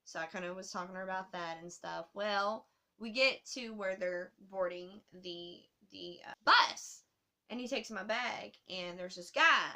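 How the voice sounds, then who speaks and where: A woman telling a travel story to her camera in a casual, animated way, swearing often. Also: mid-range voice, a little slow.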